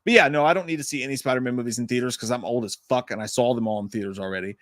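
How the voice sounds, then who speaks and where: A man's voice: mid-range voice, rapid-fire, a bit bright, dry recording, clean studio sound. A man co-hosting a live movie podcast, riffing in a profane, rambling, casual way. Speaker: podcast co-host.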